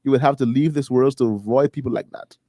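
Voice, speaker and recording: A man's voice: medium pitch, steady tone, quick pace, dark tone, no echo. A man from the Bahamas co-hosting a radio talk show, laughing often and reading listener comments aloud. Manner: laughs often, short agreeing interjections. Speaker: radio co-host. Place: radio studio.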